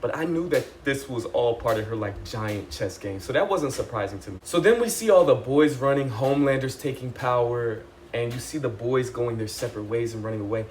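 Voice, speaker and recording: A young man recapping a TV episode in a casual, excitable, chatty way, full of "like" and "y'all". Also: medium pitch, a little fast, hardly any pauses, a little hiss or hum. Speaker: TV recap vlogger.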